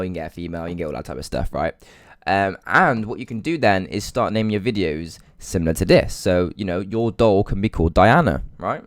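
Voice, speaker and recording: A man's voice: low voice, a little mellow, no room sound, studio quality. A young man walking viewers through a screen-share tutorial in a chatty, hyped way, often saying "guys" and "right?". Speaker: online money-making tutor. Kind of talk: casual screen-share walkthrough.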